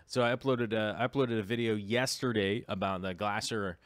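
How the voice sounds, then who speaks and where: A man's voice: lowish voice, fairly even intonation, brisk, fairly bright tone, no echo, clean studio sound. Rambling, chatty man vlogging. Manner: rambling, with many filler ums and restarts; chatty asides to the viewer. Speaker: aquarium vlogger. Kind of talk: casual vlog chat.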